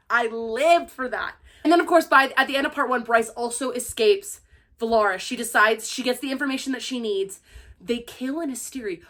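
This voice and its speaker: High-voiced, excitable young woman. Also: moderate pace. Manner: gushing, excitable, heavy use of "like". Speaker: book reviewer. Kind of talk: casual spoiler review chat.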